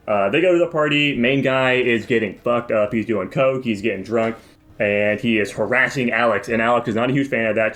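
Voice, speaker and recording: A man's voice: lowish voice, fairly bright tone. A man co-hosting a podcast, summing up a movie in a rambling, profane way and tripping over his words. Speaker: podcast co-host. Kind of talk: casual movie review chat.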